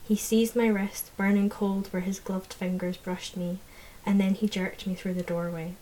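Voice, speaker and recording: A woman narrating a fantasy audiobook in the first person, in a measured, low-key way. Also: flat delivery, mellow, poor audio.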